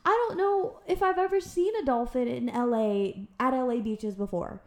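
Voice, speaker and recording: A woman podcast host telling a personal story in a casual, animated chat. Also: high-pitched, moderate pace. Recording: roomy echo.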